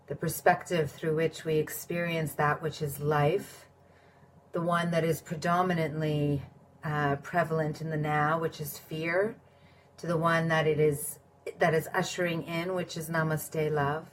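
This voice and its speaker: A woman in her forties speaks in a low, unhurried voice, giving a spiritual talk over a live stream. Her phrasing is flowery and measured, and she lists words one at a time with pauses between them. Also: a little hiss or hum. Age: 40s. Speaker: spiritual teacher and reverend. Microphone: live social media stream.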